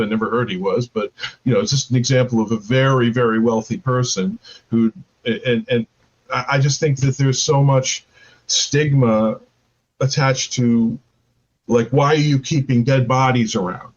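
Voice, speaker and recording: Hesitant man on dull, lo-fi audio. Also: medium pitch. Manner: hesitant, many ums and uhs. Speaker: guest. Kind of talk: casual discussion.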